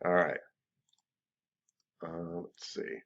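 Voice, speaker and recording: A man's voice: deep voice, extremely slow, gravelly, a bit bright. A man teaching a massage therapy class in a casual, joking, conversational lecture. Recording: dull lo-fi lecture recording.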